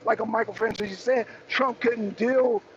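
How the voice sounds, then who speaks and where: A man's voice sits high, steady in tone and measured in pace, as he co-hosts a political talk show. Arguing heatedly, he repeats himself and mocks the people he answers. The stream audio is dull and lo-fi with faint noise.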